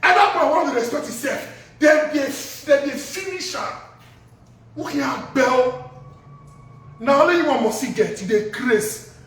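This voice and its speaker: A man's voice: extremely high pitch, expressive, a little slow, a bit bright. A man ranting heatedly in a Nigerian Pidgin accent, hurling insults. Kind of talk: angry social media rant. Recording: echoey room from far off.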